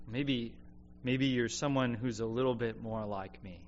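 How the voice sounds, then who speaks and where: A man's voice: mid-range voice, a little slow. Earnest man preaching, dull lo-fi sound. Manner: earnest, reflective, often dropping quiet. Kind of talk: sermon. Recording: dull lo-fi sound with faint hum.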